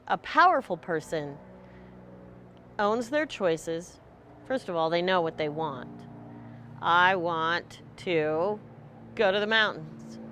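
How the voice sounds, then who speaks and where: A woman's voice: medium pitch, a bit bright, a little hiss or hum. A woman leading a group, giving a conversational motivational talk and acting out short quoted voices. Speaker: group leader.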